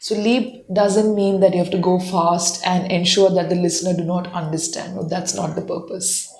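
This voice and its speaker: A woman's voice: on the low side, level tone, normal speed, gravelly, darkish tone, reverberant. A woman giving a spoken English lesson, patiently explaining and modelling sentences for learners to repeat. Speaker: English teacher.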